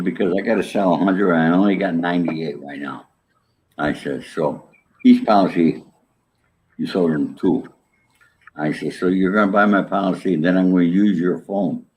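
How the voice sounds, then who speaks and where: An older man, an interview guest, telling a story in casual chat and acting out the lines of the people in it. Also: medium pitch. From New York. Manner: animated, acts out quoted dialogue. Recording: dull lo-fi audio.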